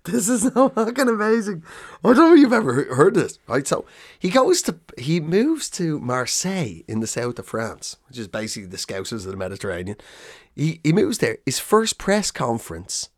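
A man co-hosting a comedy podcast, rattling off a story in loose, profane chat. His pitch swings widely as he builds to punchlines. He breaks into laughter and slips into silly voices along the way. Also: big pitch swings, normal speed. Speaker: podcast co-host.

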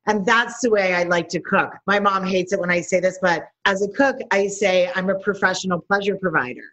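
A middle-aged woman chef talks through her cooking with lively, animated storytelling. Her voice sits at a middling pitch. The recording sounds a little dull and lo-fi. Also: brisk. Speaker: chef guest. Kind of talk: interview conversation. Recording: slightly dull lo-fi audio.

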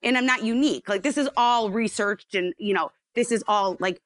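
A woman psychologist explaining ideas in a lively, chatty way, acting out the inner voices in her stories. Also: mid-range voice, brisk, dry recording, clean studio sound. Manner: animated storyteller, acts out inner voices. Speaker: psychologist guest. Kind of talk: casual explanatory chat.

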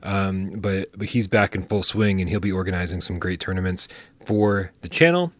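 A man's voice: sits low, normal speed, no room sound. A man hosting a casual chat, talking animatedly with frequent restarts and casual swearing. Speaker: host.

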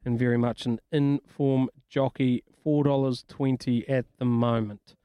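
A man's voice: medium pitch, level tone, unhurried, smooth, no room sound, dull audio. A man hosting breakfast radio, rambling and joking and often laughing, on a studio microphone. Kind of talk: casual breakfast radio banter.

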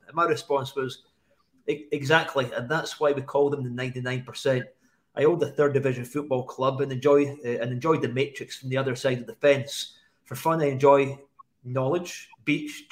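A man who is a guest on a casual podcast, talking in a blunt, matter-of-fact way with some swearing. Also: mid-range voice.

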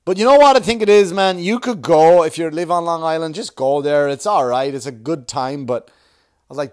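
A man's voice: on the high side, normal speed, clean tone. A man tells a casual comic story. He rambles, swears freely and pokes fun at himself, like a comedian hosting his own podcast. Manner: profane, self-mocking, rambling.

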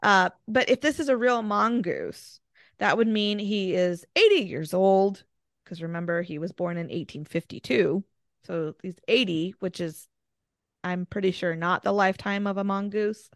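A woman podcast co-host relays a bizarre tale in a loose, conversational way. Her delivery is animated and full of fillers. The sound is close and dry, with a mid-range voice. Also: mid-range voice, normal speed, no echo. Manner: animated, filler-heavy storytelling. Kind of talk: casual storytelling chat.

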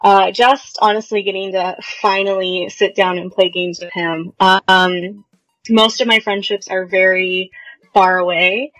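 A woman on a podcast panel in casual chat, relaxed and reflective, with frequent pauses and fillers. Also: mid-range voice, low-quality recording.

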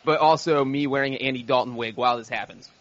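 A man co-hosting a casual sports podcast, cracking deadpan jokes and ranting. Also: mid-range voice, quick pace, muffled recording. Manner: deadpan jokes, animated rants. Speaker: podcast co-host, football writer.

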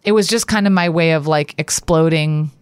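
A woman co-hosting a podcast in casual chat, an animated storyteller who acts out the dialogue she quotes. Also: sits low, normal speed, smooth, no room sound. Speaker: podcast co-host.

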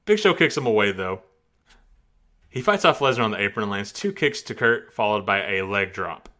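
A man's voice: fairly low pitch, expressive, moderate pace, bright, forceful tone. A man on a casual podcast reading a match recap play by play, often breaking into laughs.

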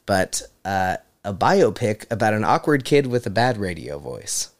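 A man's voice: on the low side, very animated, measured pace. A man co-hosting a podcast, sharing film trivia in a casual, chatty way and laughing often. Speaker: podcast co-host. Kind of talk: casual chat.

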